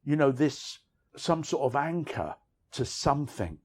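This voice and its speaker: A middle-aged man, an author, tells candid, rambling stories about his past while outdoors on city streets. His medium-pitched voice swings widely in pitch at a measured pace, and he's frank and self-deprecating, often tossing in "you know what I mean."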